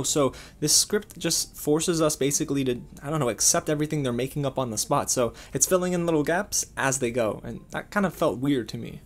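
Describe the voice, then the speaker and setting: A man reviewing a film in a casual, emphatic way, often calling out to his viewers. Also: medium pitch. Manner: animated, emphatic, addresses viewers as guys.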